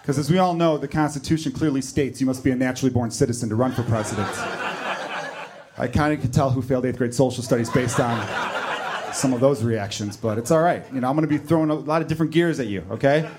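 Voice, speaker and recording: A man's voice: mid-range voice, quick pace, noisy background. A man in his thirties performing a stand-up comedy set on a club stage, telling stories in a conversational, self-deprecating way.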